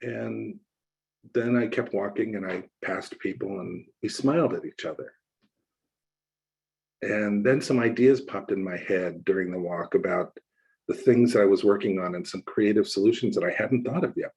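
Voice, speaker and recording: A male minister telling a personal story in a relaxed, conversational sermon, acting out the voices of the people he quotes. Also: fairly low pitch, gravelly, breathy edge, rough recording.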